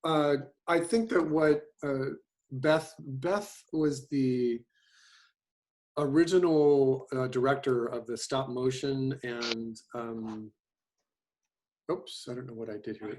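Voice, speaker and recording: Halting middle-aged man on a video call. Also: medium pitch, darkish tone. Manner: rambling, halting, many fillers. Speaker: animation teacher. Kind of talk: casual chat on a video call.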